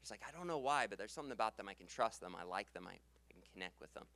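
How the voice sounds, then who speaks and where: A young man coaching a live seminar audience on sales, energetic and quick to laugh, and he closes his sentences on a falling pitch. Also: no room sound. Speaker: sales trainer. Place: conference room with live audience. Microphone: handheld stage mic.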